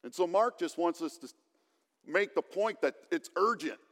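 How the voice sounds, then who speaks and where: A man's voice: sits high, expressive, moderate pace. A male pastor giving a conversational sermon with light humor, in a church hall.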